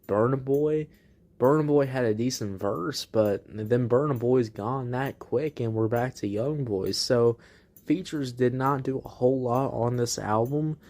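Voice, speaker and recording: A man hosting his own album review, talking in a blunt, profane, exasperated way. His voice sits at an ordinary pitch, and he speaks casually, as if to his viewers. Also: mellow. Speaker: music reviewer host.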